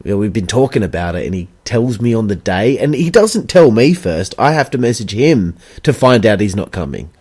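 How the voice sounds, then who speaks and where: A young Australian man with a fairly low voice tells a story on his podcast in a blunt, casual way. He swears freely and acts out both sides of past conversations. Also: very animated, brisk, few pauses, darkish tone, breathy edge. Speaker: podcast host and backyard wrestler.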